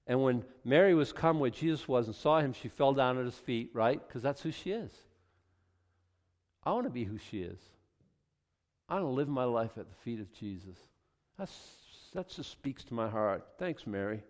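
Male pastor, mid-pitched, expository sermon, quiet readings then forceful peaks, long hall reverb. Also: lively intonation, moderate pace. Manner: swings from quiet scripture reading to loud, emphatic preaching.

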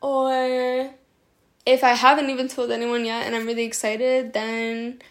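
A woman's voice: on the high side, little pitch movement, a little slow. A young woman hosting a podcast, talking casually and affectionately to her listeners, rambling with lots of filler words. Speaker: podcast host. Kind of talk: casual podcast talk on self-soothing.

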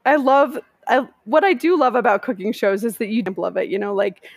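A woman's voice: a little high, brisk, breathy edge, no room sound. A woman talking casually on a podcast, chatty and full of "likes" and restarts. Her voice sounds dry and close, with no room around it. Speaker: podcast co-host. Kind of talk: casual chat.

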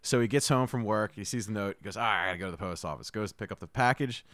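A man in casual podcast chat, telling a profane, animated story with lots of laughter. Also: lowish voice, racing, no echo.

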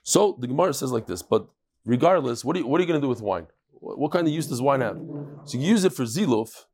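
A hoarse man with a cold leads a relaxed daily Talmud class, his voice sitting at an ordinary middle pitch. He talks in a chatty, easygoing way and tosses quick asides to the people around him. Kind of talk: casual Talmud lesson.

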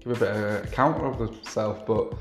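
A man co-hosting a casual football podcast, easygoing and halting, with frequent fillers. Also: on the low side, roomy sound, soft background music. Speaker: podcast co-host.

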